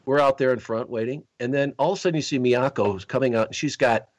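A man's voice: mid-range voice, fast, no room sound, dull audio. A man hosting a podcast, chatting and telling rambling stories with many restarts. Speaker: podcast host. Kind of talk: casual podcast chat.

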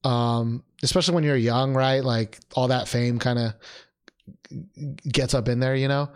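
A young man co-hosting a casual chat, animated and rambling, laughing often and restarting his sentences. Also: mid-range voice, a little slow, clean tone. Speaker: podcast co-host.

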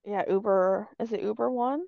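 Woman co-host, casual and opinionated, mid-pitch, dry and slightly dull recording. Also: creaky, no room sound. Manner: opinionated, quick to reject slang she dislikes. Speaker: podcast co-host. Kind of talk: casual chat.

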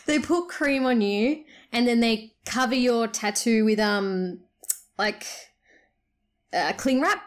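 A woman's voice: on the high side, slow pace. A woman chatting casually and recounting a dream, laughing often and acting out what people said. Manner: giggly, animated storyteller who acts out quotes. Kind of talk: casual chat, telling a dream.

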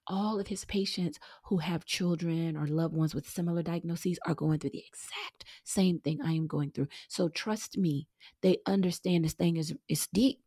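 A middle-aged woman hosting her own show, talking earnestly and warmly to listeners she calls y'all, sometimes dropping to a breathy near-whisper. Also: lowish voice, no echo, studio quality. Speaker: podcast host. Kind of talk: heartfelt casual monologue.

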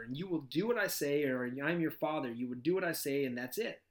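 A man chatting casually about parenting, animated and quick to stammer over repeated words. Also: fairly high pitch.

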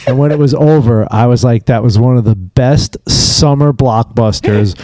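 A man's voice: mid-range voice, moderate pace, warm tone, no echo, poor audio. A man co-hosting a casual movie podcast, arguing emphatically and repeating his points. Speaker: podcast co-host.

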